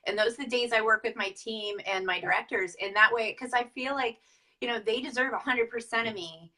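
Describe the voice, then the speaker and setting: Chatty bright-voiced woman, far from the mic. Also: a little high, a little fast. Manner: chatty, many fillers and restarts. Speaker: Tupperware director. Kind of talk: casual business advice talk.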